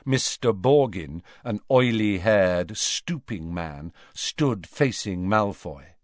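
A man reading an audiobook aloud in an expressive, varied way. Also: mid-range voice, dry recording, clean studio sound. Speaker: audiobook reader. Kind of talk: audiobook narration.

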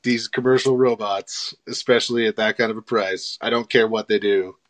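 A man hosting a casual livestream chat, animated and quick, laughing often. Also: lowish voice. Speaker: host.

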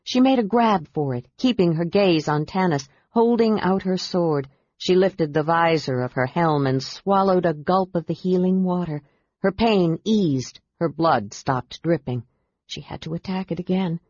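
A woman with a low voice narrating a fantasy audiobook. She keeps a steady, measured pace. The recording is muffled and dry. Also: no echo.

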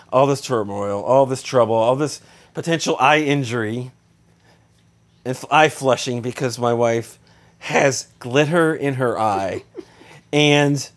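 A man in his thirties casually telling a funny story, animated and exasperated, jumping up high for punchlines. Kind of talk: casual anecdote.

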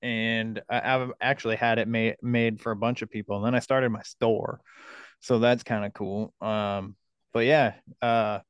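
A man hosting a podcast in casual conversation, speaking haltingly with many ums and restarts into a studio mic. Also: lowish voice, steady tone, clean tone, dry recording, lo-fi sound. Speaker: podcast host.

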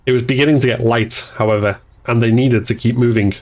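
Measured male audiobook narrator. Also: medium pitch, fairly even intonation, darkish tone.

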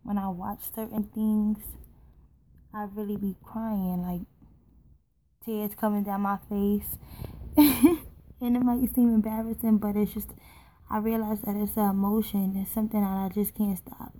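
A woman's voice: mid-range voice, flat delivery, normal speed, warm tone, low-quality recording. A young woman hosting her own podcast, talking in an earnest, heartfelt and rambling way full of fillers. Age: young adult. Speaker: podcast host. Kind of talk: personal solo podcast talk.

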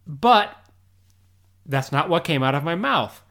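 A man giving a casual English lesson, telling a story and now and then quoting himself in a quick Southern US drawl. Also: a little high, sing-song, a bit bright. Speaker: English teacher.

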